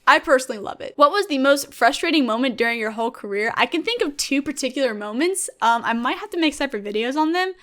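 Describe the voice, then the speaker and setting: A woman's voice: sits high, quick pace, hardly any pauses. A young woman in her twenties chatting enthusiastically in a casual vlog about her past jobs. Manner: chatty, enthusiastic, animated storyteller. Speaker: gaming YouTuber and streamer.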